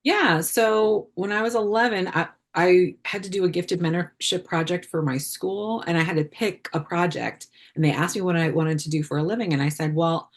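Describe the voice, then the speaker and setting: A woman's voice: on the low side, brisk, few pauses. A woman guest on a podcast, a puppeteer, chatting casually with many fillers and restarts. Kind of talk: casual interview chat.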